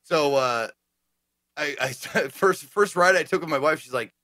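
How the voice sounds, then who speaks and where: Male co-host, slightly high bright voice, dry recording, playful. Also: unhurried, no room sound. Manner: playful, breaks into mock announcer voices. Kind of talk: casual chat.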